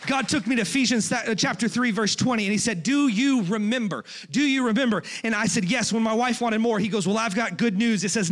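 A man preaching a sermon as a guest speaker in a church, joking between passages and building to shouted, rising crescendos. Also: very high voice, a little fast, hardly any pauses.

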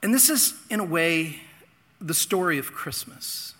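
A middle-aged man telling a childhood story in a sermon, earnest, with dramatic pauses and repeated phrases. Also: on the high side, lively intonation, sharp tone. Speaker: pastor. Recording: long hall reverb.

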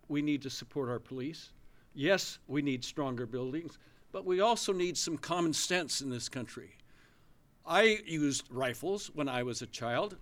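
A man's voice: on the high side, a bit bright. Man in a debate, serious and somber, lots of sighing gravity. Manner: earnest, grave, dwells on sadness. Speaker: debate candidate. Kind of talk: debate answer.

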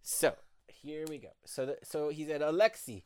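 A man's voice: a little high, flat delivery, moderate pace, smooth. A man telling an improvised bedtime story to his child at home in a playful, teasing way, recorded on a phone.

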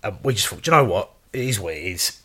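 A man chatting casually about his DJ and promoting days, relaxed and full of "yeah, mate". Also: lowish voice, fast, breathy edge. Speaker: DJ and promoter, guest. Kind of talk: casual chat.

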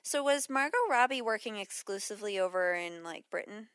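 A woman co-host in relaxed podcast chat, chiming in with asides and laughing often. Her voice is bright and smooth, recorded dry and close. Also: medium pitch, a little fast, dry recording. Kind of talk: casual movie chat.

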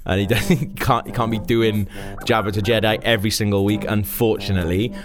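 A man's voice: lowish voice, fairly even intonation, fairly quick, over music. Welsh male podcast host, young, playful and self-deprecating narration. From Wales. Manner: jokey, self-mocking.

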